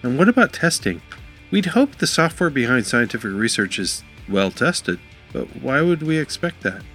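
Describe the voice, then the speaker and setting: A man hosting a podcast about software testing and interviewing a guest in an upbeat way. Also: medium pitch, big pitch swings, moderate pace, soft background music. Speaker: podcast host.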